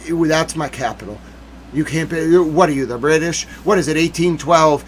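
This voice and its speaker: Male stream host with a raised pitch, ranting and demanding answers on the news. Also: animated, moderate pace, fairly bright tone, slight background noise. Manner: indignant, demanding rant. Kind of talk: livestream news commentary.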